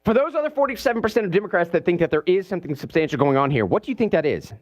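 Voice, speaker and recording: A man hosting a political talk radio show from a studio, animated and sarcastic, mimicking the people he talks about. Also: high voice, rapid-fire, no room sound. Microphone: studio mic.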